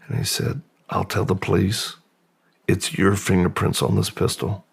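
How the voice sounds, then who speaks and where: A middle-aged man telling a personal story as a podcast guest, slow and halting, with pauses and restarts. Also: deep voice, level tone. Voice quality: gravelly, husky. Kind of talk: personal testimony in a long-form interview.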